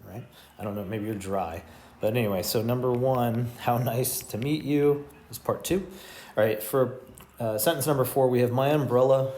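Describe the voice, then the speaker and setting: An American man teaching English grammar in an online lesson, explaining lively and correcting himself as he works through the exercises. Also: medium pitch, roomy sound. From United States.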